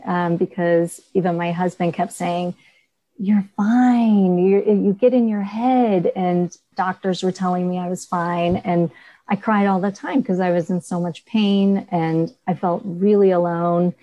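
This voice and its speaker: A woman artist on a video coaching call, telling her story in an earnest, animated way. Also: fairly low pitch, no echo, low-quality recording.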